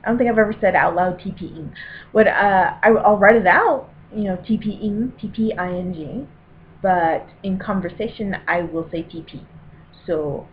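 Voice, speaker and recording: A woman from Colorado with a Denver accent, chatting casually to camera as she reads an accent-tag word list and makes rambling, self-deprecating asides. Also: medium pitch. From Colorado, USA. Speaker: vlogger doing an accent tag. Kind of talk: casual reading and chat to camera. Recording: very tinny, lo-fi with faint hiss.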